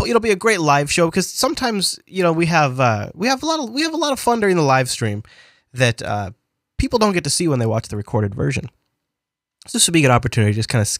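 Fast-talking man with a cold. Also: medium pitch, dry recording, clean studio sound. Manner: rambling, self-correcting, playful asides. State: has a cold, losing his voice. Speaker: podcast host. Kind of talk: casual science podcast chat.

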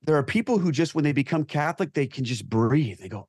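A man's voice: on the high side, animated, fast, few pauses, a little mellow, slightly rough, no echo. Earnest male guest, dry close sound. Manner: earnest, emphatic, reflective. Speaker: guest, Catholic convert. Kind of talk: earnest talk show discussion.

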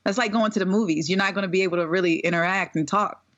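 A woman co-hosting a podcast, chatting in a relaxed way about a TV episode. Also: mid-range voice, quick pace, dull audio. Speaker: podcast co-host. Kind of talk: casual chat recapping a TV episode.

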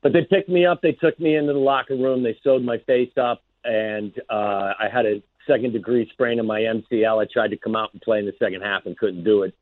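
A man's voice: on the low side, fairly even intonation, brisk, hardly any pauses, dry recording. A man, a former wide receiver, talking football as a guest on sports radio in a plainspoken, earnest way. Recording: dry phone line.

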